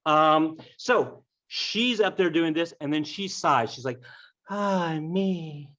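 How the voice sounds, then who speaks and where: A man's voice: fairly high pitch, unhurried. A man teaching a class by retelling a story with jokes, speaking directly to the students. The recording sounds dull and lo-fi. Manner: joking, lively, addresses class directly. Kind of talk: humorous storytelling lesson.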